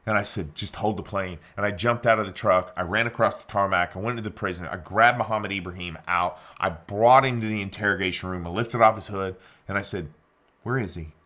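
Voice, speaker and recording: A man giving a keynote speech as a dramatic story, acting out the dialogue and swinging between loud emphasis and hushed lines. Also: on the low side, brisk, few pauses. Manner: acts out quoted dialogue. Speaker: keynote speaker.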